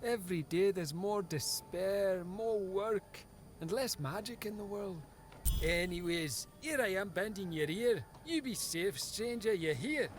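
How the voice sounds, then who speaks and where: A man's voice: high-pitched, expressive, unhurried, slight background noise. A chatty folksy townsman. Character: folksy talkative male townsman. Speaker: villager in a video game. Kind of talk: voiced game dialogue.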